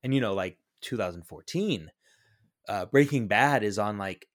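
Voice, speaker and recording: A man's voice: on the low side, animated, moderate pace. A young adult man co-hosting a casual movie podcast, teasing his co-host and retelling scenes with jokes. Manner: joking, teasing banter.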